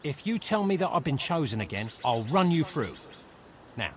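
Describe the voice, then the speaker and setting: Casting: a world-weary, money-hungry game hero; sardonic, lively swings in pitch, faint hiss. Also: male voice, moderate pace. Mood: exasperated. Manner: sardonic, impatient. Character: sarcastic, mercenary male hero, world-weary and greedy. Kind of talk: game cutscene voice acting.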